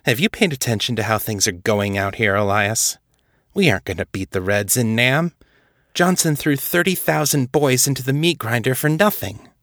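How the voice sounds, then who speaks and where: A man's voice: medium pitch, moderate pace, fairly bright tone, dry recording, clean studio sound, natural voice. A man reading aloud as a weary, outspoken woman officer, speaking bluntly and pressing her point.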